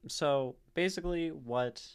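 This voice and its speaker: A man's voice: on the high side, unhurried, clear, resonant tone. A man hosting a live stream, casually analyzing poetry and thinking aloud as he taps out rhythms in syllables. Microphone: streaming mic.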